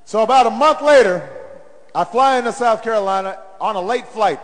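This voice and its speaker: A man's voice: high voice, brisk. A middle-aged man, a presidential candidate, giving a campaign rally speech. He tells a story that builds into call-and-response chanting. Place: large indoor arena. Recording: long reverb of a large arena.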